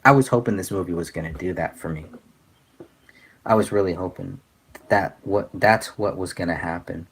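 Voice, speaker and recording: Male host, lowish voice, earnest and halting, casual commentary, thinks aloud with pauses. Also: slightly rough. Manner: halting, many fillers and restarts, earnest. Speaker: podcast host.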